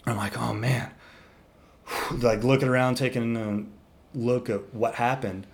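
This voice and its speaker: A man's voice: medium pitch, a little slow. Man telling a wild story casually. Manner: animated, swearing, acting out animals. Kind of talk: casual podcast chat.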